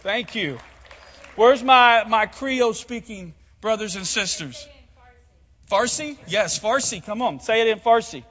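A man with a high voice preaches a sermon in a church hall. He calls on the congregation to speak along with him. The sound is muffled, and a long reverb trails off each line. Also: a little slow, fairly bright tone. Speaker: pastor.

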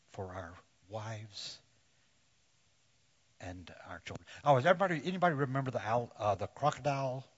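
A man preaching a sermon to men in slow, deliberate phrases that often sink to a hush. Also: medium pitch, dull audio. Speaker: pastor.

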